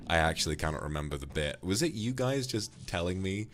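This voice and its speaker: Very deep-voiced man streaming. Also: animated, brisk, a bit bright. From United Kingdom. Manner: affectionate, calls viewers darling. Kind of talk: casual chat thanking viewers for donations.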